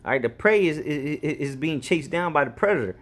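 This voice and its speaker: A man's voice: on the high side, lively intonation, fairly quick. A man giving loose, slangy commentary on scripture verses, ending his sentences with "man.". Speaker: street preacher.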